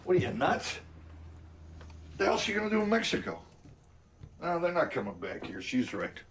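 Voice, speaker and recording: An actor playing a gruff, blunt, middle-aged working-class father in a film drama. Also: on the high side, huge pitch swings, normal speed, slight background noise. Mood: bickering.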